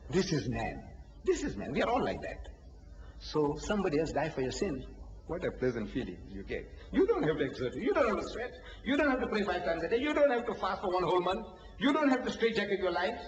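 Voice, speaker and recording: A male preacher with a high voice delivers a lively religious lecture, firing off rhetorical questions and acting out little dialogues. The sound is an old lo-fi tape with a long, roomy hall echo and a faint hiss underneath. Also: a little fast. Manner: rhetorical, acts out dialogues, laughs often. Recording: echoey hall, dull lo-fi archive tape.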